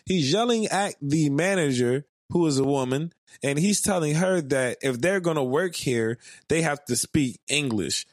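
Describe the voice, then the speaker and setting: A man co-hosting a podcast, swearing often, laughing a lot and rushing his words in casual chat. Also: on the high side, lively intonation, no echo, studio quality. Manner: profane, laughs a lot, fast bursts. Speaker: podcast co-host.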